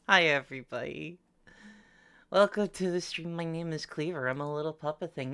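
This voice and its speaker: A woman's voice: low-pitched, normal speed, vocal fry, a bit bright, clear, resonant tone. A young woman streaming a game, chatting casually in a playful, jokingly whiny way. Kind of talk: casual live-stream chat.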